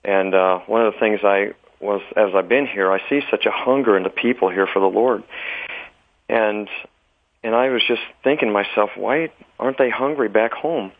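A man speaking as a guest on a religious talk program, earnest and measured, restarting his sentences. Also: fairly low pitch, fairly even intonation, phone-quality sound. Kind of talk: religious talk show conversation.

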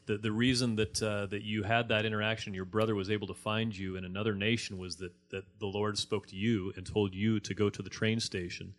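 A man interviewing a guest, breaking in to restate the guest's story clearly. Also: fairly low pitch, little pitch movement, brisk, hardly any pauses.

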